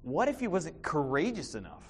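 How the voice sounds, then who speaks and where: Male pastor, slightly high, very lively delivery, church sermon with restarts. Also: moderate pace, husky. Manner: animated, with repeated restarts and sudden loud emphasis.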